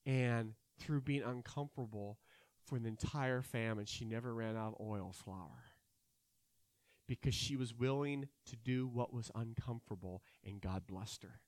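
A man preaching a sermon, acting out Bible characters' lines and swinging between loud and quiet delivery. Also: medium pitch, unhurried, dry recording.

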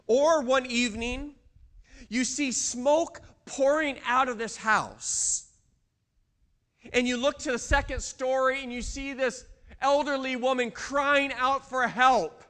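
A man delivers a sermon in a church, his voice pitched high. He tells a story and keeps putting questions to the congregation. His tone is bright and ringing. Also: steady tone, slow pace. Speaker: pastor.

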